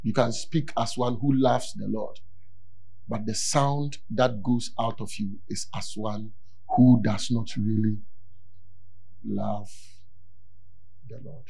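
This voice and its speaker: A man preaching a sermon in an animated way, repeating key words and rising to near-shouts for emphasis. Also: medium pitch, vocal fry, husky.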